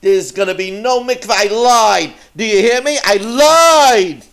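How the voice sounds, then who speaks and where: A man voicing a stingy, brash, complaining townsman in a storytelling sermon, with loud, exaggerated whining. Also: very high voice, animated, unhurried, gravelly, pitched above the performer's own voice, heavily acted. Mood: furious.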